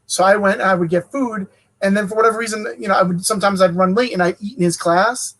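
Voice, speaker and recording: A man's voice: high voice, steady tone, fast, a bit bright. A man in a casual chat, telling a school story playfully and laughing. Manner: playful anecdote teller, laughs.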